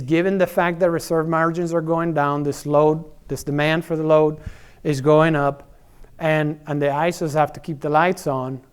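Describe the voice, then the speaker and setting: A man's voice: a little high, clean tone. A middle-aged man giving a conference presentation in a conversational way, with many fillers, repeated words and tag questions. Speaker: energy services executive presenting.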